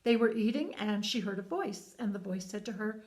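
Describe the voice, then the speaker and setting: A woman's voice: mid-range voice, lively intonation, a little fast, a little mellow. A woman telling a true story in an earnest, plain way, often repeating words as she goes. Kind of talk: spoken storytelling monologue.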